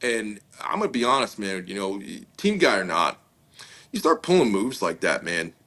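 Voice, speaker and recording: Interview guest, male, deep but bright voice, loose storyteller with lots of "you know". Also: very animated, moderate pace. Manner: casual, many fillers, acts out quoted dialogue. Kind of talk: conversational storytelling.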